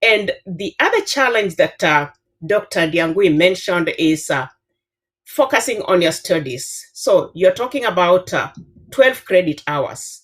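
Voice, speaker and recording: A Kenyan woman in her fifties, a professor with a Kenyan accent, giving earnest advice on a panel with frequent filler pauses. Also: lowish voice, expressive. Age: 50s. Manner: earnest, advising, many filler uhs. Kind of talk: panel discussion answer.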